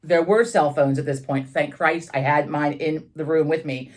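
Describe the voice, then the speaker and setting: A woman co-hosting a podcast, telling a story in casual chat, animated, swearing freely and full of fillers. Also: sits low, moderate pace. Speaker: podcast co-host.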